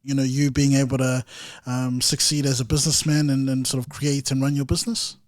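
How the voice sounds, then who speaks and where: A man's voice: medium pitch, little pitch movement, fairly quick, no echo, clean studio sound. A young man hosting a podcast interview, speaking thoughtfully and hedging with fillers. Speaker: podcast host. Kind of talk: casual interview chat.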